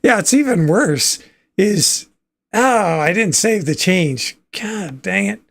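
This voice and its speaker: A man's voice: sits high, expressive, slow pace, vocal fry, fairly bright tone. A man from Canada hosting a livestream, chatting casually and thinking aloud as he plays a trucking game, with easy chuckles. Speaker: livestream host.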